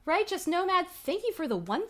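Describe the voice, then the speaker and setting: Playful streamer lady reading a spooky kids book out loud, giggly, swears a lot, bright voice that bounces all over. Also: very high voice, very animated, fairly quick. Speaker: livestream host. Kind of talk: reading a children's horror book aloud with live commentary. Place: home streaming setup. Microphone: streaming microphone.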